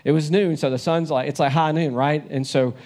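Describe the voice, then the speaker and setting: A man's voice: fairly high pitch, fairly even intonation, a little fast, darkish tone. A young man preaching a sermon in a conversational way, often asking the listeners questions.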